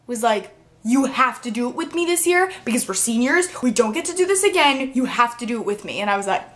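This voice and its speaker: A teenage girl chats straight to her camera in a relaxed vlog, her voice sitting a little high. She is bubbly and talkative, scattering filler words as she goes. At moments she sounds emotional and near tears. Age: teens. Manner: bubbly, chatty, full of "like" fillers. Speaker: vlogger. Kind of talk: casual vlog chat.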